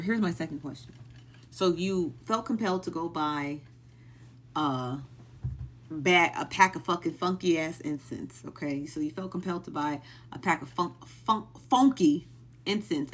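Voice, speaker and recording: A woman's voice: fairly low pitch, a bit bright, slight background noise. A woman hosting a live stream, chatting casually and asking the same baffled questions again and again while thanking viewers as they join.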